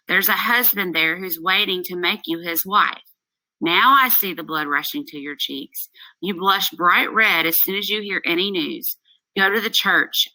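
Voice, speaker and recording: A woman's voice: lowish voice, bright, forceful tone, no room sound, poor audio. A woman reading the part of a fussy, teasing old nurse aloud from the text in a classroom play reading. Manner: reads aloud plainly from the text.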